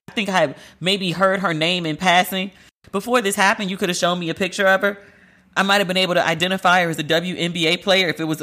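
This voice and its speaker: A woman's voice: fairly low pitch, fairly bright tone. A woman hosting a podcast, giving casual news commentary in a candid, rambling way with frequent asides. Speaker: podcast host.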